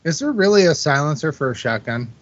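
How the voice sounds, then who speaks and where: A man's voice: fairly high pitch, animated, fast, a bit bright, dry recording. A man co-hosting a podcast, chatting about films in an agreeable, joking way. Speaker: podcast co-host. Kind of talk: casual film discussion. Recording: dull lo-fi audio with faint noise.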